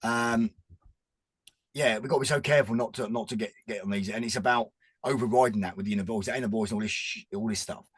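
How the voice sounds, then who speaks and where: A man's voice: on the low side, quick pace, breathy edge, no room sound. A man, talking earnestly and rambling in a casual chat as a podcast guest. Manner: rambling, restarts often, earnest.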